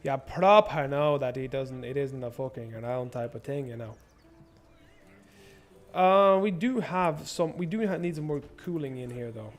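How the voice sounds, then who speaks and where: A young man streaming a strategy game, swearing and thinking out loud as he plans and shops. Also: medium pitch, lively intonation, normal speed. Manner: profane, rambling, thinks out loud. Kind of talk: casual gameplay livestream commentary.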